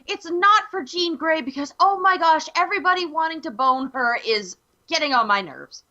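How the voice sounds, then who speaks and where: Woman, podcast host, bright lively voice, blunt opinions, slightly dull lo-fi audio. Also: high-pitched. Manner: blunt, opinionated, quick reactions. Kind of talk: casual chat.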